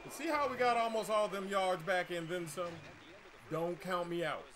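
A man's voice: high voice, normal speed, fairly bright tone. A man streaming live gameplay, trash-talking the game in a boastful, profane way.

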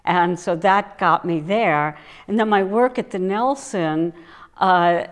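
A woman with a lowish voice speaks as a guest art historian. She tells her story in a thoughtful, measured way, like a recorded academic conversation.

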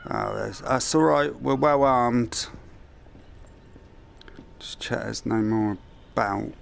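A man muses aloud through a let's-play, unhurried and gravelly, muttering his plans into a headset mic. Faint game sounds hum behind him. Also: medium pitch. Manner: thinking aloud, muttering to himself. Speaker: gamer.

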